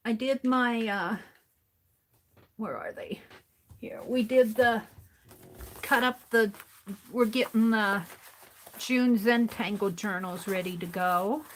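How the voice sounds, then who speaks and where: A woman's voice: mid-range voice, a bit bright, slight background noise. A woman hosting a casual art journaling stream from her craft desk, chatting and thinking aloud as she works, often repeating her own phrases. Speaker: art journaling livestream host. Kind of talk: casual chat while crafting.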